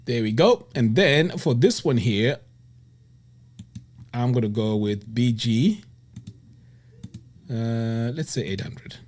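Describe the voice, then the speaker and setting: A man teaches web design through a screen recording, enthusiastically exclaiming "boom" and "look at that" as he goes. He speaks expressively but unhurriedly, with long pauses and a slightly mellow tone, over a faint hiss or hum.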